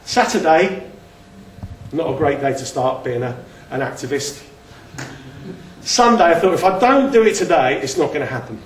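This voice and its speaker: A man's voice: fairly high pitch, expressive, moderate pace, a little hiss or hum. A man giving a casual slide talk, chatty and self-deprecating, often restarting his sentences. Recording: echoey room, mic at a distance.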